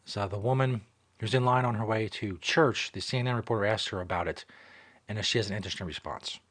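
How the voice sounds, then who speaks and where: A man's voice: fairly low pitch, quick pace, a bit bright. Host, man, casual live stream talk, swears a lot and jokes around. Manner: profane, joking, rambling.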